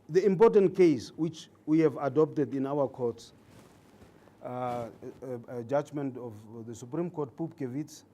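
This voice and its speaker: A man, a judge, giving a legal training lecture to trainee judges, deliberate and repeating key points for emphasis, with some hesitant fillers. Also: medium pitch, mellow.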